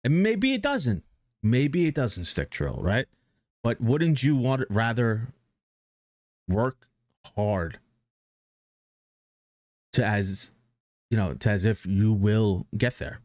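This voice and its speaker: A male streamer talks to his chat in a low voice that sounds dry and close. He rambles earnestly about motivation, full of fillers and restarts, with casual swearing. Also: big pitch swings, slow pace, long pauses, a little mellow, no echo.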